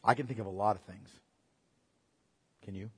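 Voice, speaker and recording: A man preaching a sermon as pastor, rising to loud emphatic peaks and dropping to quiet asides, repeating phrases for emphasis. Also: fairly even intonation, normal speed, slightly rough. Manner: swings from quiet, low asides to loud, high emphatic climaxes.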